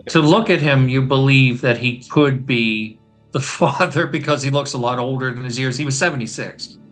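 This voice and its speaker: Bright-voiced man discussing films. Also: medium pitch, faint music behind. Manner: knowledgeable, measured, hesitant fillers. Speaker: film writer and guest. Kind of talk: casual film discussion.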